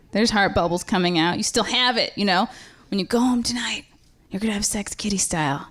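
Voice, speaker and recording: A woman doing stand-up comedy on a club stage into a handheld mic, with sarcastic, deadpan asides. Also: medium pitch.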